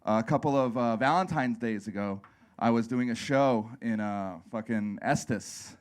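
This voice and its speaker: A man's voice: mid-range voice, measured pace, clear, resonant tone. A man in his thirties from Wisconsin doing a live stand-up set on a comedy club stage into a handheld mic. He is self-deprecating and crude, and he acts out the voices of other people.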